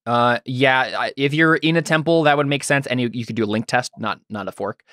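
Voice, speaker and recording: A game master running a tabletop game patiently walks a player through the rules, full of ums and restarts. His medium-pitched, slightly bright voice moves fairly quickly and sounds dry and close to the mic, with no echo or room sound.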